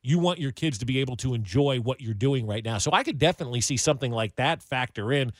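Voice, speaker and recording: A man hosting a sports radio talk show, chatting and telling stories in an animated, talkative way into a studio microphone. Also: mid-range voice, fast talker, no echo.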